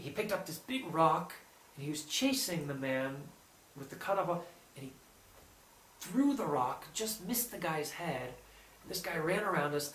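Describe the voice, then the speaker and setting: A man telling a personal anecdote in a casual, animated way, quoting others in lively bursts. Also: fairly high pitch. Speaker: storyteller. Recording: roomy echo, distant mic, faint background hum.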